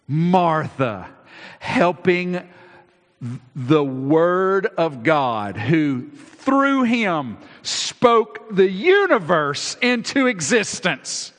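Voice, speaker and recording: A man preaching a sermon in a church, dramatic, swinging between loud declarations and hushed asides. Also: medium pitch. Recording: long reverb.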